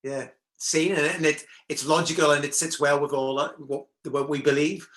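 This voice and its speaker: A man co-presenting in a relaxed, jokey way, a little halting as he reads out questions from viewers. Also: fairly high pitch. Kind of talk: casual chat. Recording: roomy echo.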